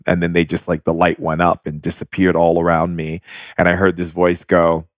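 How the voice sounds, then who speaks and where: A man's voice: low-pitched, moderate pace, dry recording, studio quality. A man guest earnestly telling a personal story, acting out the voices he heard. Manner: earnest, animated retelling, acts out voices. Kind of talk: casual storytelling.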